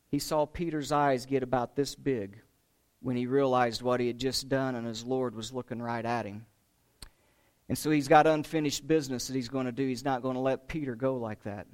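A man preaching a sermon, retelling a story with emphatic rises and hushed drops. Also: medium pitch, steady tone, moderate pace. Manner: emphatic, dramatic retelling with rising and falling intensity.

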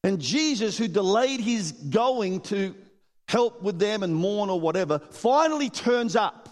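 Animated man preaching in a hall. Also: sits high, a little slow. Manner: animated, acts out voices in quotes, laughs often. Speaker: pastor. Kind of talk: sermon. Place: church hall. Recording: long hall reverb.

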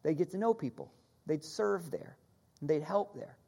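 A woman preaching a sermon, teaching in an animated way, stressing key words and leading her listeners in repeating after her. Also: sits low, moderate pace, vocal fry. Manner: animated teaching, leads the audience in call-and-repeat.

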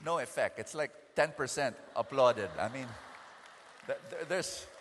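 A man preaching a sermon, animated, acting out scenes and often restarting his sentences. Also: mid-range voice, unhurried, long reverb tail, a faint crowd, a little hiss or hum.

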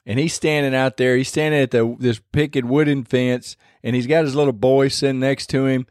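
A man's voice: mid-range voice, fairly even intonation, a little fast, darkish tone, clean tone, no echo, clean studio sound. A man hosting a devotional podcast, talking in a rambling, conversational way with many restarts. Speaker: podcast host.

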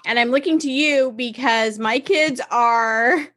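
A woman's voice: fairly high pitch, slow, a bit bright. A woman in her thirties hosting a talk show, asking questions and murmuring along to show she is listening. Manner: curious, brief affirming murmurs. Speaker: host. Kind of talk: conversational podcast interview.

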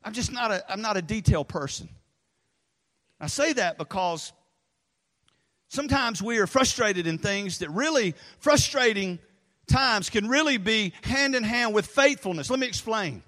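A middle-aged man preaching a sermon in a high, bright-toned voice. He tells stories in a rambling, animated way and drops low for his asides. A long reverb from a big church hall trails each phrase. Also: measured pace. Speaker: pastor. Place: church sanctuary.

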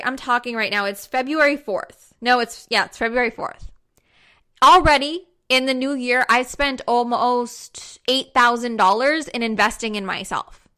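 Young woman ranting to her followers, high bright voice, swears a lot, really fired up. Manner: emphatic, repetitive, swears casually. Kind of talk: fired-up motivational monologue to followers.

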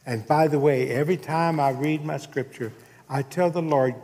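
A man's voice: on the high side, normal speed, a little mellow, big-room sound. A man preaching a sermon, telling a story and checking in with his congregation as he goes. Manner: preaching with call-outs to the congregation. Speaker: pastor.

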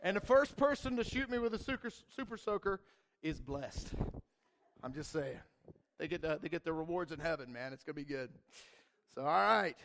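A young man, a church youth leader, telling a rambling, animated story to a group and saying man and dude a lot. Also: fairly high pitch, normal speed, gravelly.

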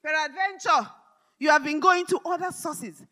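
A woman preacher delivering a live church sermon, fervent and repetitive, rising to shouted declarations. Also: high voice, moderate pace. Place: large church hall service.

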